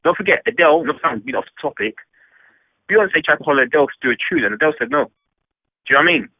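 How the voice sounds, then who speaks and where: Animated husky man on a phone line. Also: fairly high pitch, fast talker, no echo. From England. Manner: animated, emphatic, rambling rant. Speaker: panel guest. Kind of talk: casual phone discussion.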